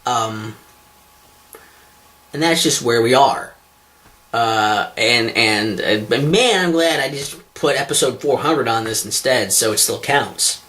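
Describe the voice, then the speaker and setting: A man's voice: medium pitch, takes it slowly, pushed and bright. Rambling, sarcastic man vlogging. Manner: rambling, sarcastic, swears often, many ums and restarts. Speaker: vlogger, show host. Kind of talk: casual self-deprecating monologue to camera.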